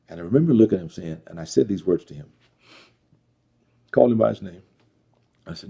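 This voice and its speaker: Middle-aged man, interview guest; low, raspy, dark timbre, reflective and earnest. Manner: earnest, reflective, halting with fillers. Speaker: interview guest telling his life story. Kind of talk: personal testimony interview.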